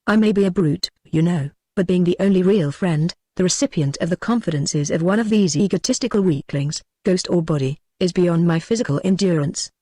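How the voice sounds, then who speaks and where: A reader voicing a modest, musing Edwardian gentleman recounting his ghost encounter. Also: mid-range voice, a little fast, few pauses, no echo, clean studio sound, lightly acted. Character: reflective Edwardian gentleman telling a ghost tale.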